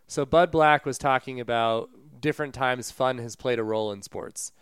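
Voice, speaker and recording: This is a man co-hosting a sports podcast in a loose, chatty way. His voice is very clean and smooth. The sound is close and dry, with no room around it. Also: mid-range voice, moderate pace, fairly bright tone, dry recording. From Colorado. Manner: conversational, retells stories with asides and fillers. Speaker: podcast co-host. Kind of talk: casual sports podcast chat.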